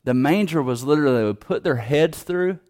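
Conversational preacher, fairly high voice. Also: male voice, animated, brisk, a little mellow. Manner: conversational, with many restarts and asides to the congregation. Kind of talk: sermon.

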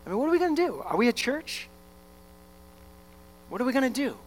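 A young man preaching a sermon as pastor, animated and acting out the voices of his listeners and of Jesus. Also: very high voice, brisk, a little hiss or hum.

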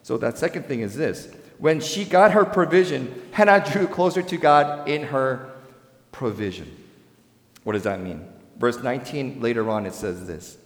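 A male pastor preaching a sermon, swinging between loud, rising emphasis and quiet, low asides. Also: animated, moderate pace. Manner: dynamic preaching with sharp swings in pitch and volume. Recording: echoey hall with long reverb.

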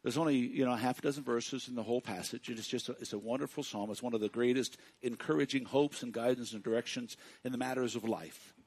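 A man preaching a sermon to his congregation, speaking directly to them and swinging between hushed and loud passages. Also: mid-range voice, fairly even intonation, fast talker, hardly any pauses, slightly rough. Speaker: pastor.

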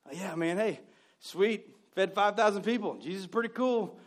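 A man's voice: high-pitched, normal speed. A man preaching a sermon, telling stories with mimicked voices and joking, sarcastic asides. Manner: jokey, sarcastic humor. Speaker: pastor.

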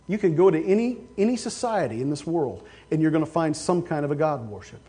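A male pastor preaching a sermon, with casual stories and sudden loud, emphatic outbursts. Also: fairly high pitch, expressive, a little fast.

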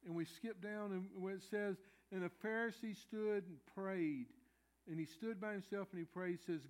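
This middle-aged pastor has a high-pitched male voice and speaks at normal speed. He delivers his sermon earnestly and folksily, leaning on frequent "you know" fillers.

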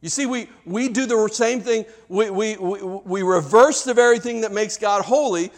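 High-voiced preacher, animated and chatty. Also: male voice, moderate pace. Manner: animated, conversational preaching with repeated restarts. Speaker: pastor. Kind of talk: sermon.

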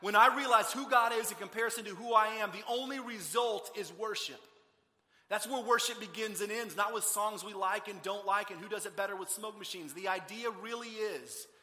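A man preaching a sermon, telling the story with animation and swinging from loud to hushed. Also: high-pitched, fairly quick, reverberant, big-room sound. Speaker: pastor.

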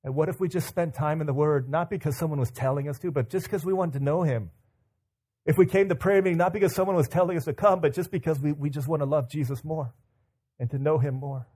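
Animated, higher-voiced man preaching. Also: quick pace, breathy edge. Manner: animated storytelling, acting out inner thoughts; conversational, with many fillers and repeats. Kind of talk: sermon.

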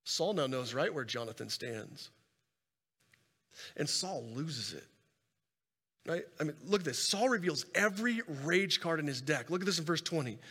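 A man preaching a sermon and telling a scripture story with animated delivery, swinging between loud and soft and repeating words as he goes. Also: fairly high pitch, normal speed. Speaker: pastor. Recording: reverberant hall sound.

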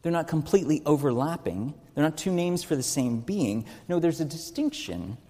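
A man's voice: a little high, expressive, moderate pace, mellow, big-room sound. A man giving an earnest teaching sermon, stressing key words and asking rhetorical questions. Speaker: preacher.

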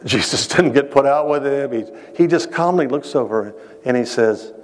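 In a church sanctuary with reverberant hall sound, a man with an expressive, medium-pitched voice preaches to his congregation, mixing scripture with a personal story. He's conversational, asking listeners questions directly, repeating words as he builds to his points, restarting phrases and using dramatic pauses.

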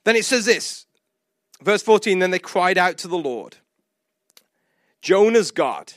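A man preaching a sermon, retelling a Bible story with animated acted-out quotes and lots of casual "like" fillers. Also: on the high side, a little slow, no echo, clean studio sound. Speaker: pastor.

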